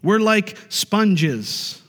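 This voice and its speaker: A male pastor preaching a sermon, reading scripture slowly and then talking in an easy, joking way. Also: sits high, big pitch swings, fairly bright tone. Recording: long reverb of a large hall.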